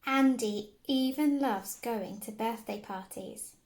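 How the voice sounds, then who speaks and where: A young woman teaching phonics to small children, slow and exaggerated, asking questions and giving lots of praise. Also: fairly high pitch, a little mellow, echoey room. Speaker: early years phonics teacher. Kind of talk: sing-song lesson for small children.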